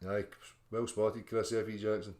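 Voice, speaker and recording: A man's voice: fairly low pitch, little pitch movement, moderate pace, a little mellow. A Scottish man hosting a livestream, reading out chat and mocking his critics in a sweary, combative rant.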